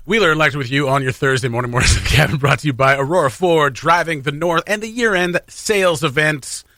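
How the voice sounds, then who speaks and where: A man's voice: a little high, a little fast, bright, forceful tone, no room sound. A man hosting a morning radio show in casual, upbeat banter, laughing often, on a studio mic. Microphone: studio microphone.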